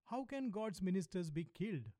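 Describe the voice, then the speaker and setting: A man's voice: sits high, sing-song, moderate pace, dark tone, dry recording, voice pushed up. A man voicing a frightened, half-unhinged curate who talks in a plaintive, complaining way. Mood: despairing. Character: frightened, unhinged middle-aged male curate.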